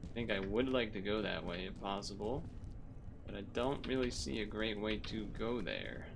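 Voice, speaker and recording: A man's voice: lowish voice, animated, moderate pace, gravelly, noisy background. Frustrated young man streaming a game. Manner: frustrated, swearing, muttering then exclaiming. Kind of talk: live gameplay commentary. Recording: faint game music behind.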